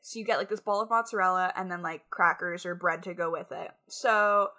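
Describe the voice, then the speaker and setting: A woman's voice: lowish voice, steady tone, fairly quick, bright, forceful tone. A young woman co-hosting a podcast, teasing her co-host with playful banter and laughter. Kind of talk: casual chat.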